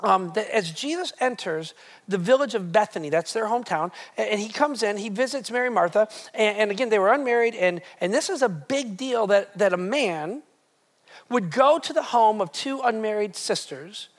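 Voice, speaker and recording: A male pastor delivering a sermon to a live congregation, retelling scripture in a lively, conversational way with frequent restarts. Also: high voice, moderate pace. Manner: animated, conversational storytelling with many restarts. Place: church hall with live congregation.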